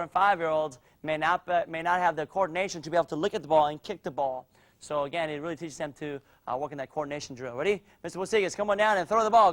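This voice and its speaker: A man teaching a kids' martial arts class, calling out drills with energy in a studio. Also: high voice. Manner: energetic coaching, calls out drills.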